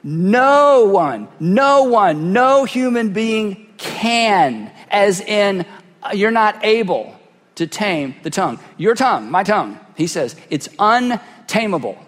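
High-voiced pastor preaching in a reverberant hall. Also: male voice, sing-song, takes it slowly, a bit bright. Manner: emphatic, repeats phrases for effect. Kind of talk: sermon. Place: church sanctuary. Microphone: cheek microphone.

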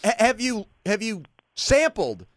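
A male radio host who talks in a lively, swooping voice that sits a little high for a man. He teases and needles in casual sports-talk banter. The studio sound is dry and close. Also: takes it slowly, dry recording. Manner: teasing, mock-exasperated.

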